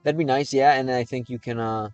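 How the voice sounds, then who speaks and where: A man's voice: medium pitch, fairly even intonation, a little fast, a little mellow, smooth, faint music behind. An American man livestreaming and chatting casually with viewers, reading their questions aloud. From United States.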